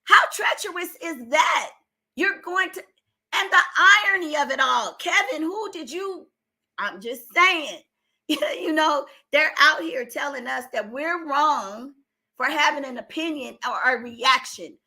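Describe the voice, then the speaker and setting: Speaking a little slowly, this older woman offers opinionated commentary in a high, animated, sharp-toned voice. Her delivery is emphatic and exasperated, strained and prone to outbursts, in the style of a commentary vlogger.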